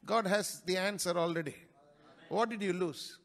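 Preaching a sermon inside a church, an Indian male pastor with a high voice abruptly climbs to loud peaks. He then falls back into fast, softer side remarks.

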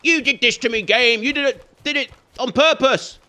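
A man's voice: very high voice, normal speed, sharp tone. A man giving chatty let's play commentary, teasing and scolding the game and its characters as he plays. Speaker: gaming YouTuber.

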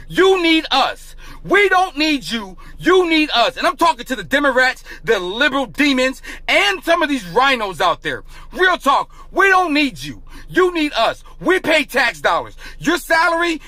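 High, bright-voiced man ranting passionately. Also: no room sound. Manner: repetitive, preachy, rises into shouting. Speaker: political commentary vlogger. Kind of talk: impassioned political rant.

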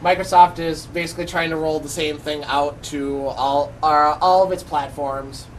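A man's voice: a little high, fairly even intonation, moderate pace, a little hiss or hum, low-quality recording. A man co-hosting a casual podcast, recapping a press conference with many fillers and restarts. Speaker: podcast co-host.

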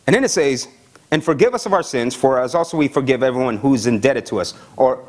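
Speaking fast in a mid-range voice, a male pastor preaches a sermon and reads scripture. His delivery is animated, and he keeps checking in with the congregation by asking "amen?" and "right?"

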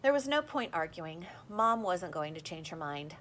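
A woman reading a children's story aloud in a lively, expressive way. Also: on the low side, moderate pace, a little hiss or hum. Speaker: audiobook reader. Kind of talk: storybook narration with character voices.

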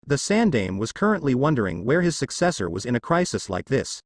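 A man narrating a fanfiction audiobook in an even storytelling read. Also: mid-range voice, fairly quick, hardly any pauses, no room sound.

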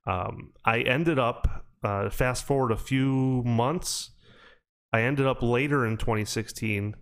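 A man's voice: medium pitch, takes it slowly. Male podcast host, casual storyteller, loose and rambling. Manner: rambling storytelling with many fillers. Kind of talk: casual chat.

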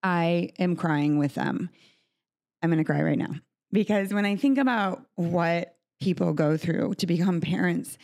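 A woman's voice: fairly low pitch, a little mellow. A woman hosting a podcast in a recording studio, talking in a heartfelt, earnest way in a conversational interview. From United States. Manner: heartfelt, earnest, speaks of faith. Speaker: podcast host.

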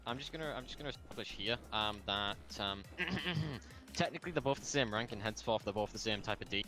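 A man's voice: lowish voice, animated, fairly quick, music in the background. A man playing a fire captain in a role-play game, handing out orders in a joking, bossy way. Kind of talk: casual role-play chat.

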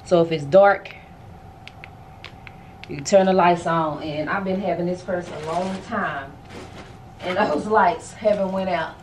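A woman's voice: mid-range voice, background noise. Chatty woman vlogger, slangy and breathless. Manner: chatty, exclaims, talks straight to viewers with slang. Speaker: lifestyle vlogger. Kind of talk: casual chat to camera. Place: at home, bedroom.

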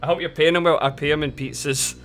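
A man's voice: on the high side, steady tone, fast talker, fairly bright tone, soft background music. A young man chatting casually on a live game stream, laughing often and swearing freely.

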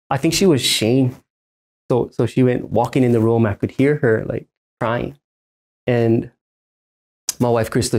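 A man from Hawaii in his thirties delivers a sermon from a church stage. He is emphatic and repeats his main points so they land. His pitch sits in the middle for a man. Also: vocal fry, a little mellow. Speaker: pastor.

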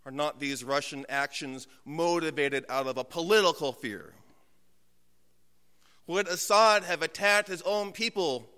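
A man with a high, bright and very clear voice preaches a sermon from a church pulpit. He tells self-mocking stories with humor, then slows to a hushed, deliberate weight on key words. A long hall reverb trails behind his voice. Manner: humorous, self-mocking storytelling that drops to slow, hushed emphasis. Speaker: pastor. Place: church sanctuary.

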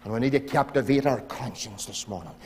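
Fervent Northern Irish pastor preaching. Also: male voice, medium pitch, a little fast, slightly rough. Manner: fervent, pleading, swings from loud to hushed. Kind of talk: sermon. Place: church sanctuary. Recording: church hall reverb.

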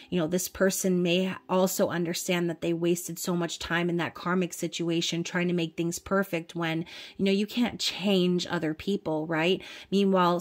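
A woman talks through a tarot reading in a casual, unscripted monologue. Her voice sits low and stays fairly flat. She is blunt and now and then swears, and she keeps asking "okay?" along the way. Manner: chatty, peppered with "okay?" and fillers. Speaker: tarot reader.

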